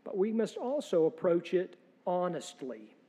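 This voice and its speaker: A man's voice: sits high, big pitch swings, a little slow, warm tone, slightly rough, long reverb tail. A man preaching a sermon as pastor, earnest and emphatic, with rhetorical questions and dry humor. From United States.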